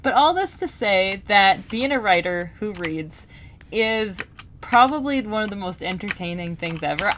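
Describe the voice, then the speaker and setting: Rambling woman vlogger, chatty and animated. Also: mid-range voice, moderate pace, a little hiss or hum. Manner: rambling, animated, lots of fillers and repeats; gaming while talking. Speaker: book vlogger. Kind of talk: casual chat.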